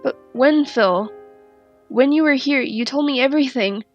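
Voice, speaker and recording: A woman's voice: sits high, normal speed, highs cut off, pitched above the performer's own voice, close to an everyday voice. A woman reading the lines of an anxious, grieving young man in a storybook reading, with faint music behind.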